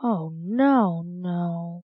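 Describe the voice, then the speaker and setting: A woman's voice: lowish voice, extremely slow, no room sound, narrow, tinny audio. A woman voicing a sly, cunning old male thief in an audiobook, coaxing and teasing, then dropping into grim warnings. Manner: bantering, coaxing, with sudden warnings.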